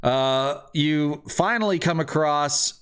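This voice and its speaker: Laughing game master narrating the table. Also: male voice, on the high side, takes it slowly, a bit bright, clear, resonant tone. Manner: laughs often while narrating, loose and joking.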